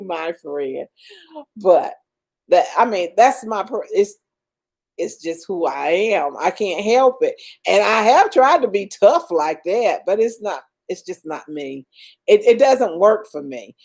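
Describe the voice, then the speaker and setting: An older woman chats slowly on a home livestream, drawing out her words with a mellow, dark tone. She laughs often and sprinkles in praise and blessings as she answers viewers. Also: mid-range voice. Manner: slow, drawn-out and warmly religious, laughing often. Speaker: livestream host reading viewer comments. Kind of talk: casual livestream chat.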